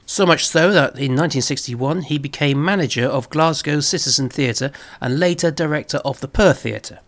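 A man presenting a scripted review of old television, speaking in a measured way with wry asides. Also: mid-range voice, vocal fry, a bit bright. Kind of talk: scripted narration.

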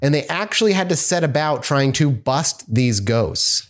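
A man's voice: fairly high pitch, expressive, moderate pace. Laid-back male podcast co-host. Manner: laid-back, reads news story aloud with fillers. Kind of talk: casual chat and story reading.

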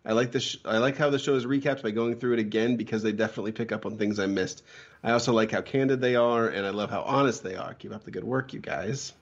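A man's voice: mid-range voice, fairly even intonation, fast, dull audio. A man co-hosting a podcast, reading listener reviews aloud in a wry, joking way during casual chat.

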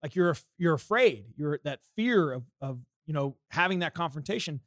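A man's voice: fairly high pitch, expressive, moderate pace, no echo, clean studio sound. A man from the United States telling a story on a podcast in a profane, heated way. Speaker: podcast co-host.

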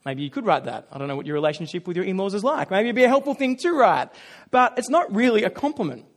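A pastor with a noticeably high voice delivers a sermon through animated storytelling. He jokes at his own expense and slips into quick little voices to act out his stories.

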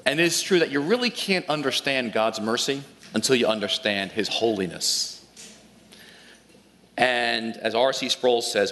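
A man preaching a sermon to his congregation, pitched in the middle range. He tells the story in an animated way and often restarts his sentences. The long reverb of a large church hall rings behind him. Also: a little slow, slight background noise. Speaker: pastor.

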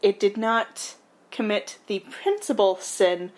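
A woman's voice: mid-range voice, expressive, slow, a little mellow. A woman co-hosting a podcast, chiming in with wry comments and laughing easily. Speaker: podcast co-host. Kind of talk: casual movie discussion chat.

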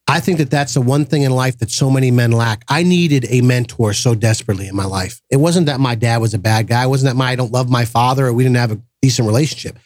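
A man's voice: medium pitch, no echo, studio quality. Storytelling middle-aged man from Massachusetts. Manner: animated, acts out quoted voices. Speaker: podcast guest. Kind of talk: casual storytelling conversation.

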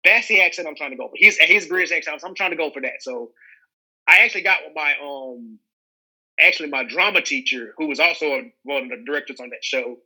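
Young southern guy, actor, rambly chat with lots of restarts, real bright sharp voice, kinda high. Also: a little fast, breathy edge, rough recording. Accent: Southern American. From American South. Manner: rambling, many restarts and fillers. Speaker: actor guest. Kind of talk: casual interview chat.

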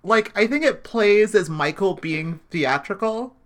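A podcast co-host in a casual discussion of a TV episode, calmly correcting and adding details to the story. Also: medium pitch, unhurried, background noise. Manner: corrects and adds details, relaxed and conversational.

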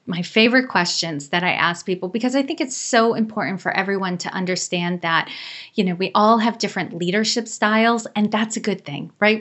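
A woman's voice: mid-range voice, a bit bright. A woman hosting an interview, enthusiastic and affirming as she asks questions. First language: English. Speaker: interview host. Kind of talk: conversational interview.

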